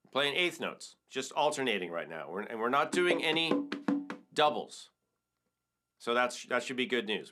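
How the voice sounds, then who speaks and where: A middle-aged man teaching a hand-drum lesson step by step, counting and singing the rhythms aloud. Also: mid-range voice. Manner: counts and sings rhythms aloud, breaks into vocables. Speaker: percussion teacher. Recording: congas and wood block playing behind the voice.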